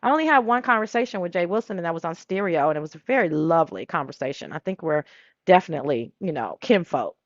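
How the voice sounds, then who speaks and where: A woman's voice: on the low side, expressive, no echo. Female talk host, chatty and loose, prone to mimicking people; lo-fi dry recording. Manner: chatty, drops into quick impressions of people. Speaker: show host. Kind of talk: casual solo chat.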